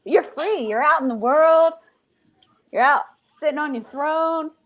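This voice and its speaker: A woman's voice: high voice, a little slow, fairly bright tone, rough recording. A woman co-hosting a casual basketball podcast, giving blunt opinions and teasing the others. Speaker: podcast co-host. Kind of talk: casual sports chat.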